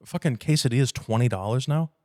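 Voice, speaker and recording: A man hosting a podcast, speaking bluntly and profanely, lively, acting out conversations with clients. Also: medium pitch, fast. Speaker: podcast host. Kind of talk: casual podcast talk.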